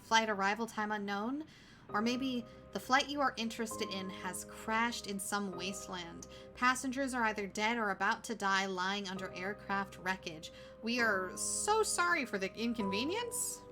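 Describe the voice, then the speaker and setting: A woman streamer reading a story game aloud, breaking off to apologize and joke. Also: medium pitch.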